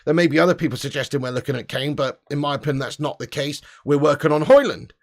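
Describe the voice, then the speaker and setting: A man's voice: a little high, lively intonation, fast, gravelly. A man hosting a live football fan stream, chatty and swearing freely while laughing and reading out viewer comments. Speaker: football channel host. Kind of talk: casual livestream commentary.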